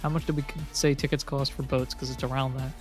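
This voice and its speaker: A man's voice: mid-range voice, level tone, fast, over music. Rambling man running a tabletop game. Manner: rambling, hesitant, many fillers. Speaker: game master.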